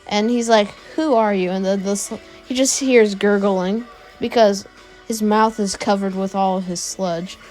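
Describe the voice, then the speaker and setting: A woman's voice: medium pitch, steady tone, unhurried, darkish tone, faint music behind. A woman narrating an improvised fan story, rambling with fillers and self-corrections.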